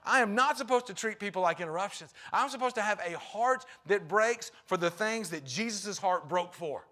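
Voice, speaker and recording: A man's voice: high-pitched, a bit bright. A man preaching a sermon in a church, a husband and father who talks in a conversational way and acts out the quotes in his story. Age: young adult to middle-aged, a father. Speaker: guest preacher. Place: church sanctuary.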